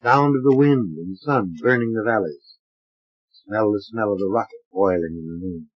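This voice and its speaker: Male audiobook narrator, husky, lo-fi vintage recording. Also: fairly low pitch, moderate pace. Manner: dramatic, varied character voicing. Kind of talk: expressive audiobook reading. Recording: dull lo-fi transfer of an old record.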